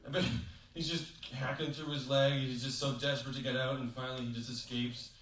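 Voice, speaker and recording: A man performing a stand-up comedy set on stage, telling stories deadpan with sudden high-pitched acted quotes. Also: brisk, a little hiss or hum. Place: comedy show in a hotel venue. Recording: roomy live room, mic at a distance. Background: audience laughter.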